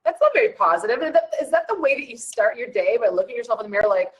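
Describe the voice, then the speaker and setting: A woman wellness coach hosting an online challenge, talking in a chatty, rambling and animated way with many fillers. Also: on the high side, very fast, hardly any pauses, slightly rough, low-quality recording. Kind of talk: casual chat.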